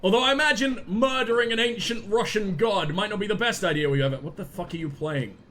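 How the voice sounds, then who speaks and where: A man giving sarcastic, profane let's play commentary as a gaming streamer, jumping into high yelps. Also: a little fast, fairly bright tone, a little hiss or hum.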